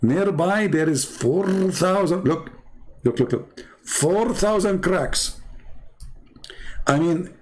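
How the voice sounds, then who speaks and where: Gravelly, husky man mocking while drawing. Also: fairly high pitch, darkish tone. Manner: sarcastic, halting, many fillers and restarts. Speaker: commentator.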